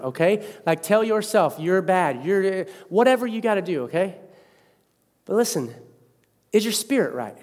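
A man preaching a sermon as pastor, animated and acting out the voices in his stories. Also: high voice. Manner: animated storyteller who acts out quotes. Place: church. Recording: long hall reverb.

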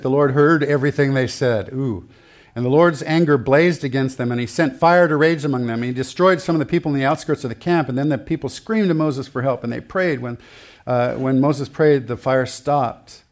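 A middle-aged man gives a sermon from the pulpit, conversational rather than formal. He tells stories with easy laughter and acts out the quotes along the way. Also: mid-range voice. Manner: chatty, laughing storyteller who acts out quotes. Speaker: pastor.

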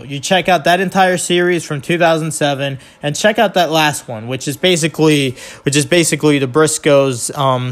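Nasal guy on a solo podcast, kinda high voice, keeps tripping over his words and starting over. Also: a bit bright. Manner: rambling, stumbling and restarting sentences; frank, swears casually. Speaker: podcast host. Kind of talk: casual solo wrestling podcast.

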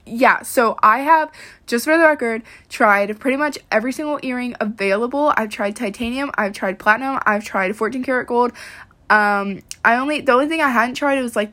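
A woman's voice: a little high, a bit bright. A woman ranting casually to the camera, exasperated and swearing freely, with lots of "like" fillers. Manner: profane, exasperated, many "like" fillers. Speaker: vlogger.

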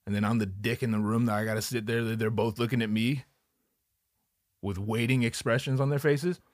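A man telling a comedic story at his desk, profane and animated, acting out the people in it. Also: mid-range voice, brisk, no room sound, studio quality. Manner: animated, profane, acts out voices.

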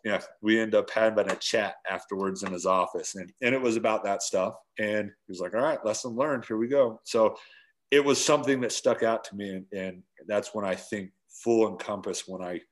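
A low-pitched man in his forties tells stories from his years as a pro catcher. He talks casually and animatedly, and his voice jumps up when he acts out someone yelling. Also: fairly even intonation, normal speed. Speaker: former pro baseball catcher, guest. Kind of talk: casual storytelling interview.

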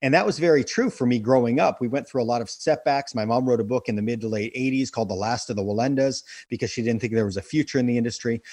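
A man in his forties, a guest in an interview, who talks with earnest, animated enthusiasm as he tells stories. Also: medium pitch, fast, few pauses, dry recording. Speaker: guest, professional wire walker. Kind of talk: casual interview conversation.

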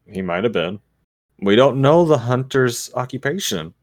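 A man's voice: mid-range voice, expressive, moderate pace, no echo. A man co-hosting a casual podcast, tossing out dry, teasing quips over a call. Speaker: podcast co-host.

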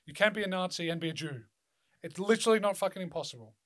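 Aussie guy ranting on a podcast, swears nonstop, slightly high voice, keeps restarting. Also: quick pace. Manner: swears constantly, emphatic, rambling restarts. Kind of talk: casual chat.

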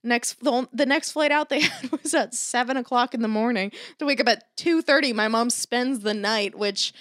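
A woman's voice: fairly high pitch, moderate pace, fairly bright tone, no room sound, clean studio sound. A woman casually telling a long story in a podcast chat, swearing freely and mimicking the people she quotes. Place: Los Angeles area.

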